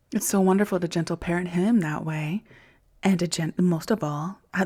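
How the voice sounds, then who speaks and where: A woman hosting a podcast, speaking in a candid, reflective monologue that often drops into soft whispers, with casual swearing. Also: mid-range voice. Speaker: podcast host.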